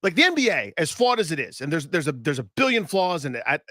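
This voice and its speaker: A man's voice: fairly high pitch, sing-song, fast talker, bright, forceful tone, no room sound, studio quality. A man co-hosting sports talk radio, ranting in a heated, mock-dramatic way.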